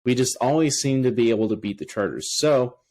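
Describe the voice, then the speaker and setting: A man co-hosting a sports podcast, chatting casually and excitedly with frequent restarts. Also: mid-range voice, brisk. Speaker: podcast co-host.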